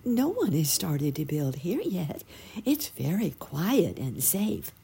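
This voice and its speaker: A woman voicing a shy little female sparrow who chirps brightly in a storybook reading. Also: low-pitched, wildly swooping pitch, slow pace, vocal fry, breathy edge, voice pushed up, exaggerated voice. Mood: chirpy.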